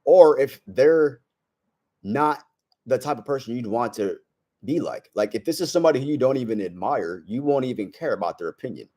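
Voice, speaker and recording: A man's voice: mid-range voice, lively intonation, moderate pace, dark tone. A young man in a brash, slangy vlog monologue, telling a story and giving blunt advice. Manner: brash slangy storytelling, says bro a lot. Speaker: self-improvement vlogger. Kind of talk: casual monologue to camera.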